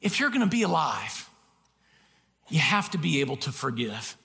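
Gravelly, bright-voiced preacher in a reverberant hall. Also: male voice, fairly high pitch, normal speed. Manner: animated storytelling with self-mocking humor. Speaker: pastor. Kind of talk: sermon. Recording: long reverb of a large hall.

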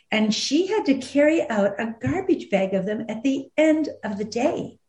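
A woman hosting an interview, talking earnestly and with emphasis, slowing down on heavy points. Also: a little high, darkish tone. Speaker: host. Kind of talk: conversational interview. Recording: roomy echo.

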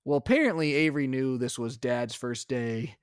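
A young adult man, a podcast co-host and father, telling a story in casual chat and acting out his own lines with animated energy. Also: medium pitch, moderate pace, clean tone, dry recording, clean studio sound.

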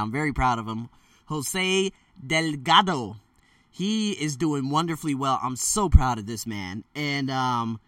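A man's voice: a little high, no echo, far from the mic. A man in a casual vlog, telling a childhood story in a loose, rambling way, with many fillers and self-corrections. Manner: animated, jumps into quoted voices. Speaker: storyteller vlogger. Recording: dry sound, set back from the mic.

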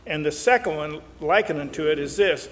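A man's voice: on the high side, lively intonation, moderate pace, a bit bright, long reverb tail. An older man and marriage counselor teaching in a folksy, joking way, acting out little quotes. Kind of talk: talk show teaching.

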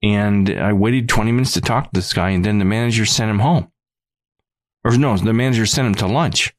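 A middle-aged man with a very deep voice hosts his podcast, rambling earnestly and often restarting his sentences. The sound is close and dry, with no room around it. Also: fairly quick, no room sound. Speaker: podcast host. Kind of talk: rambling monologue.

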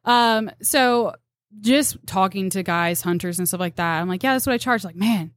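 A woman's voice: mid-range voice, normal speed, dry recording, studio quality. Chatty woman telling stories. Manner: animated, acts out quotes, laughs often. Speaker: deer tracker, podcast guest. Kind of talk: casual storytelling chat.

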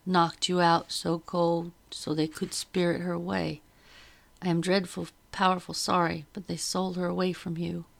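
A kindly older serving woman from a storybook, as a woman reader voices her, speaking in a folksy, old-fashioned way. Her voice sits low and has a gravelly edge. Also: little pitch movement, moderate pace. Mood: sorrowful.

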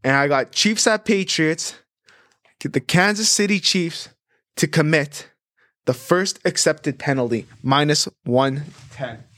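Man hosting a betting picks podcast, animated, chatty, fairly high voice, dry close sound. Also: takes it slowly, dry recording. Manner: animated, chatty, rattles off stats and odds. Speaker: host.

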